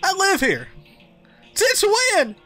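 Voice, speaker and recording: A gamer voicing an excitable young male cat character in a video game, squealing and shouting high. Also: takes it slowly, faint music behind, full character voice. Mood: overexcited.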